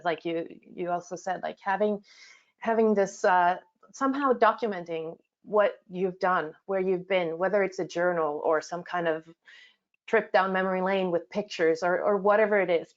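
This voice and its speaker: A woman co-host speaking thoughtfully over a video call, pausing on fillers and restarts. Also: on the low side, highs cut off. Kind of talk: casual discussion.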